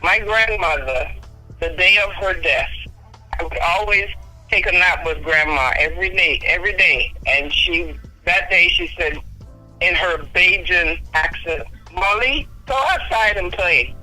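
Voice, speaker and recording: A woman's voice: on the low side, unhurried, bright, forceful tone, soft background music, rough recording. A woman in her fifties, a talk show guest earnestly telling a personal story from her childhood.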